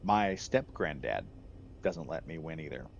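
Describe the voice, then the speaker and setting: A man quoting a young woman who speaks in a flat, matter-of-fact way. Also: extremely low pitch, measured pace, vocal fry, full character voice. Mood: dry. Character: sharp-witted young woman, competitive gamer. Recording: slightly muffled with faint background noise.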